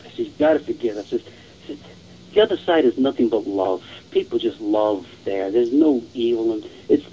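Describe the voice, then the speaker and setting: A man's voice: medium pitch, sing-song, brisk, breathy edge, dull audio. A man casually telling a long ghost story, rambling and repeating "I says" and "she goes".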